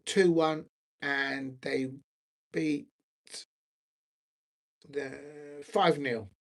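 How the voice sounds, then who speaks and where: A man with a slightly high voice, talking football on his own channel in a loose, rambling way. He hesitates often, filling gaps with ums and starting sentences over, and sounds a bit scattered as he hunts through his notes between thoughts. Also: fairly even intonation, drawn-out words. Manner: hesitant, with many ums and restarts. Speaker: football watch-along host. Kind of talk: rambling solo football chat.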